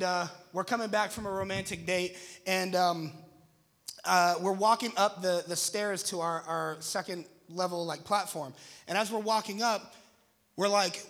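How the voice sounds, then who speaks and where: A young man, a pastor, telling a lively, jokey story to an audience and acting out his own shouts. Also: high-pitched.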